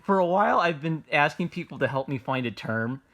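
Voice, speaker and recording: A man's voice: fairly high pitch, expressive, fairly quick, fairly bright tone. A man giving a casual, unscripted review, rambling with a lot of "like" and "uh" and restarting his sentences. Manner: rambling, lots of fillers like "like" and "uh", frequent restarts, amused. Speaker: manga reviewer.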